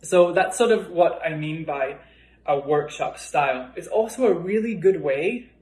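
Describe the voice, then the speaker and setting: A male yoga teacher leads a workshop demonstration with spoken cues, relaxed and chatty, slipping in light chuckles between points. His voice sits a little high for a man and carries a roomy studio echo, and he sounds a little out of breath. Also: a little slow.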